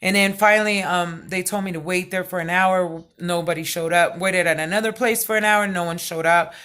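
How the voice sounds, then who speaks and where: A middle-aged woman vlogging, telling a personal story in a loud, excitable way, full of fillers. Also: lowish voice, fairly quick. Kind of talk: casual storytelling vlog.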